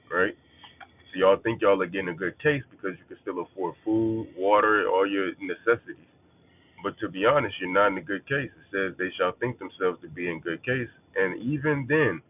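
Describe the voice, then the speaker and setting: A man teaching scripture in a casual, blunt way, often swearing and hammering points by repetition. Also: deep voice. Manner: blunt, profane, emphatic repetition. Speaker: preacher. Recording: phone-like narrow band.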